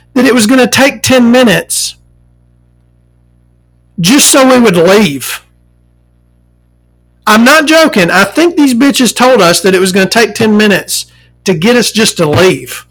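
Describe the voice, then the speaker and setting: A woman with a fairly high voice delivers a casual, rambling monologue. She swears freely and gets animated as she rants from one gripe to the next. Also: slow pace, pauses often.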